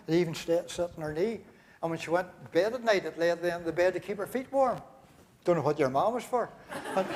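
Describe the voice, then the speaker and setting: A man's voice: high voice, a little mellow. A man with a Northern Irish accent telling rambling comic stories at a live church concert, laughing at his own jokes. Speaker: comedian at a concert.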